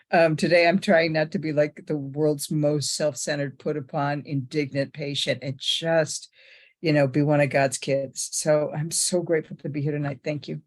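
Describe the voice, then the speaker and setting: An older woman, ill with pneumonia, giving a rambling, candid, self-deprecating personal share at a recovery meeting. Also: deep voice. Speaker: meeting member sharing.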